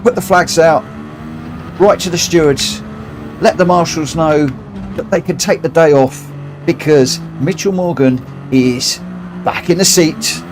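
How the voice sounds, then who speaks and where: Brit male streamer, slightly high, slow and self-mocking, noisy game audio. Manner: chatty, laughs a lot, self-mocking. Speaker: streamer racing and chatting to viewers. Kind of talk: casual live-stream commentary.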